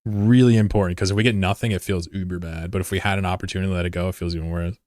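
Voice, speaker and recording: A man with a low voice talks in loose, rambling live-stream chat, joking and swearing as he runs his game fleet. His delivery is casual and offhand. The sound is dry and close on a desk microphone. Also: level tone, very fast, no echo.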